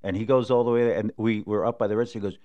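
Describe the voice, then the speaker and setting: A man's voice: on the low side, very fast, no room sound, highs cut off. A man co-hosting a podcast, telling stories in a casual, joking way and acting out the people in them. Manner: animated joking storyteller, acts out voices. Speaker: podcast co-host. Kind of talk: casual storytelling chat.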